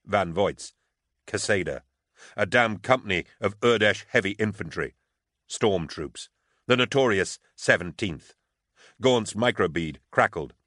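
A man reads an audiobook in a steady, even storytelling manner. His voice sits low and is recorded on a close, dry studio mic. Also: measured pace, no echo. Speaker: audiobook narrator. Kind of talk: scripted audiobook narration.

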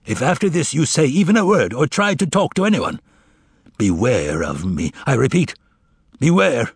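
A man voicing a tormented, imperious older Roman governor with a broken, ailing voice that swings from low menace to furious shouting. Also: very animated, moderate pace, breathy edge, no room sound, clean studio sound, full character voice. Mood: menacing.

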